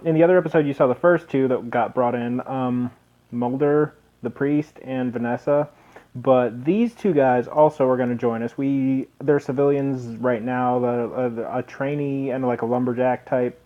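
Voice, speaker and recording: Rambling man narrating gameplay. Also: medium pitch. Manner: rambling, hesitant, chuckling. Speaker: let's play host. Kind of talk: casual gameplay commentary. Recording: dull lo-fi recording.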